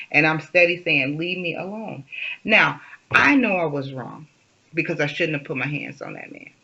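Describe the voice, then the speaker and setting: A woman's voice: deep voice, gravelly, bright, forceful tone, highs cut off. A woman vlogger telling a personal story in a rambling, casual way, full of fillers and restarts.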